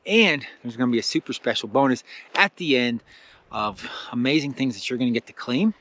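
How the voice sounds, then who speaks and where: A young adult man hosting a casual spiritual self-help talk, enthusiastic and rambling, full of fillers and excited exclamations. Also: medium pitch.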